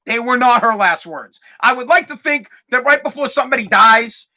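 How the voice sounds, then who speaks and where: A man hosting his own podcast, ranting crudely and excitably with lots of swearing. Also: very high voice, moderate pace. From United States. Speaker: podcast host. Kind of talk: profane ranting monologue.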